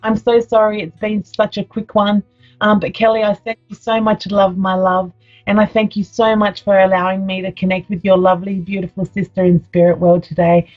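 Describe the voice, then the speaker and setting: Woman radio psychic, tender and reassuring, mid-pitched, lo-fi sound. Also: level tone, fairly quick, soft background music. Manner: soothing, affectionate, calls caller sweetheart. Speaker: psychic medium. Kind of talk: live radio psychic reading.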